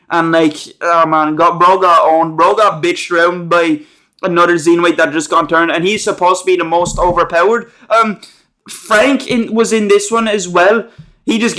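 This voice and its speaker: A man's voice: sits high, sharp tone. A young man ranting about movies in a casual, sarcastic, rambling way, full of slang, fillers and restarts. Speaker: movie reviewer.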